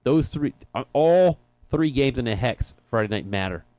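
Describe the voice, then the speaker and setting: A man's voice: mid-range voice, lively intonation, moderate pace, darkish tone, no room sound. A man co-hosting a soccer talk show, chatting casually with frequent laughs and rambling restarts. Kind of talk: casual sports chat. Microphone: headphones in a studio.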